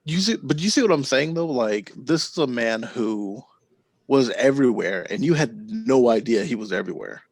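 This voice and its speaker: Gravelly, dry-voiced male podcast host. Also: medium pitch, expressive, no echo. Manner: rambling storyteller, quick to laugh. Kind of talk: casual podcast chat.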